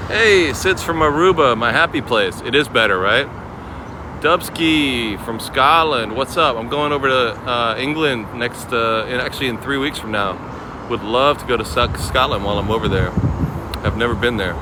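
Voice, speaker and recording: A man hosting a casual live-stream walking tour outdoors, chatting to viewers and greeting them by name. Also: mid-range voice. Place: outdoors on a city waterfront promenade. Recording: outdoor city noise with traffic.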